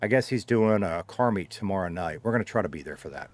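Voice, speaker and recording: A man's voice: deep voice, lively intonation, fast talker. A man chatting casually on a live stream, swearing freely and laughing often.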